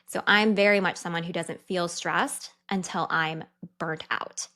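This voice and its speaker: A young woman, a dietitian, hosting her own podcast in a candid, chatty way with quick asides. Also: fairly low pitch, steady tone, bright, forceful tone. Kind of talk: casual solo podcast talk.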